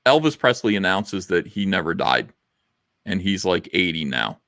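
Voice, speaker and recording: A man's voice: sits low, sing-song, moderate pace, a bit bright, no room sound, clean studio sound. A middle-aged man hosting a casual livestream chat, rambling and blunt with lots of fillers. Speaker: livestream host.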